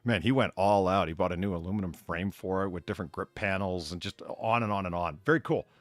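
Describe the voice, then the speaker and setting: A man's voice: sits low, fast, no echo. A man co-hosting a casual live stream, ranting and swearing about news stories. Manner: ranting, profane, animated. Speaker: podcast co-host.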